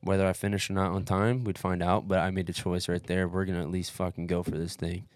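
A man's voice: low-pitched, little pitch movement, quick pace, dry recording. A man telling a long race story in casual podcast chat, blunt and emphatic, swearing constantly. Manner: blunt, heavily profane, emphatic. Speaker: podcast co-host recounting a race.

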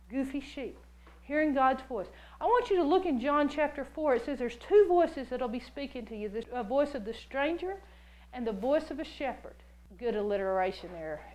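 High-voiced woman preaching a sermon. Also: poor audio. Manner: animated storytelling, acts out quoted voices; jokey, laughs often.

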